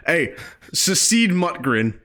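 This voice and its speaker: A man playing a tabletop game, excitable and quick to laugh, swearing freely. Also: on the high side. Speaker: player. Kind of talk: tabletop role-play banter.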